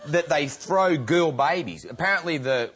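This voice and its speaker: A man in his thirties with an Australian accent, a guest telling stories in an animated, laughing, slang-filled way. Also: on the high side, normal speed, husky. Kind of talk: casual interview chat.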